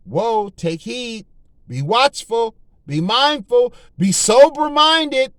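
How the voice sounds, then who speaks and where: A man's voice: very high voice, expressive, takes it slowly, fairly bright tone, no echo. A man preaching informally and fervently, slangy and full of repeated phrases and restarts.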